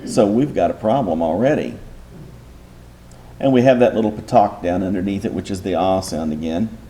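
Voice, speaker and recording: A man teaches a Bible class lecture-style, patiently explaining things step by step and posing rhetorical questions to his listeners. His voice is low-pitched and dark, at a normal speed, with slight background noise.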